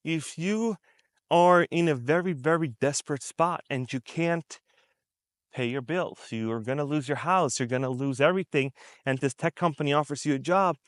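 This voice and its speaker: A man's voice: fairly high pitch, moderate pace, no room sound, clean studio sound. A man from the United States talking straight to his viewers in unscripted commentary, emphatic and conversational, repeating his points and acting out how people react. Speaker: commentary vlogger.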